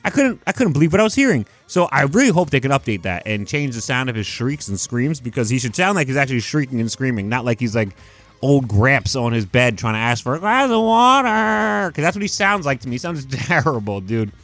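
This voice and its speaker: A man's voice: medium pitch, lively intonation, quick pace, a bit bright, no room sound, soft background music. A young man hosting a casual video-game review, emphatic and swearing freely. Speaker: gaming video host.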